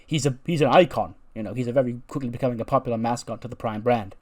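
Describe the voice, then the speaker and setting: A man's voice: mid-range voice, fast talker, a little mellow, close to an everyday voice. A man voicing a male sidekick who hypes his famous friend in rambling, defensive sales talk. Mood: boastful.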